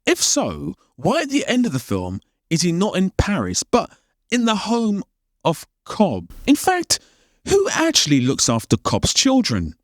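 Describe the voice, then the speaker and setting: A man's voice: high-pitched, wildly swooping pitch, measured pace, no echo, studio quality. Exasperated man ranting about films. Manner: exasperated, incredulous rhetorical questioning. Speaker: film commentator. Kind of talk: comedic film critique voice-over.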